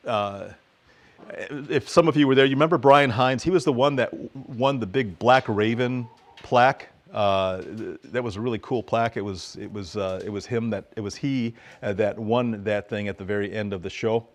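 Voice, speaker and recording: A middle-aged man talking casually to his viewers in a folksy, rambling way, often calling them folks. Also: fairly low pitch. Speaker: vlogger. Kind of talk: casual vlog monologue.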